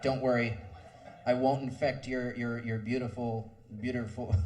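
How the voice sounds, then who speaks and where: A man's voice: mid-range voice, a little mellow. A man hosting a comedy show, rambling with sarcastic, crude jokes between acts.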